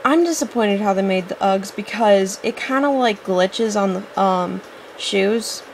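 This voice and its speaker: A woman's voice: mid-range voice, measured pace, slight background noise. A woman giving casual, rambling gameplay commentary, chatty, often apologizing and getting impatient with the game. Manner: apologetic asides. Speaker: let's-play host.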